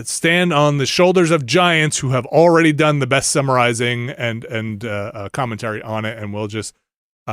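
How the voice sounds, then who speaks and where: A middle-aged man hosting a podcast, rambling and animated with lots of fillers and restarts. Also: medium pitch, smooth, dry recording, studio quality. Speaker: podcast host. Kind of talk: casual chat.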